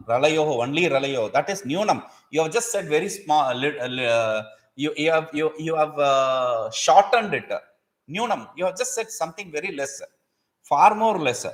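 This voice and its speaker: In this grammar lesson, a man with a slightly high, somewhat bright voice explains things patiently. He repeats key terms and asks rhetorical questions in lecture style.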